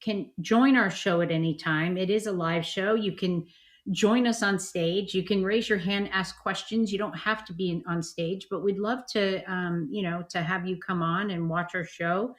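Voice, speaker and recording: A woman's voice: fairly low pitch, steady tone, normal speed. Lady hosting a live show, super enthusiastic, gushes about her guests. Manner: enthusiastic, gushing. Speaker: host. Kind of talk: casual live chat.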